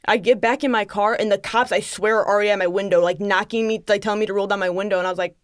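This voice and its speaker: A woman's voice: mid-range voice, no room sound, studio quality. A young woman on a podcast telling a story in casual chat, quoting people back and forth. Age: young adult. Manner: animated, quick retelling with many quoted asides. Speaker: podcast guest. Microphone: studio microphone.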